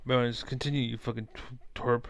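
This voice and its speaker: Gravelly man ranting at a clip. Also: medium pitch, little pitch movement, fast talker. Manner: profane, heated and exasperated. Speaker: streamer. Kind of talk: ranting reaction commentary.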